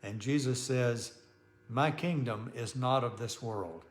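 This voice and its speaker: A man, a pastor, leading a relaxed Bible study, talking conversationally, often restarting sentences and chuckling as he reads scripture aloud. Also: medium pitch, slow. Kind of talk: informal Bible study teaching.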